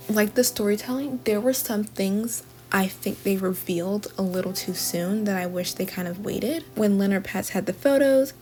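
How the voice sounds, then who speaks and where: A woman's voice: mid-range voice, a little mellow. A young adult woman giving a casual, chatty plot recap and review of a TV show, often saying "like" and acting out what the characters said. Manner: chatty plot recap with frequent "like" and quoted dialogue. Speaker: TV review vlogger.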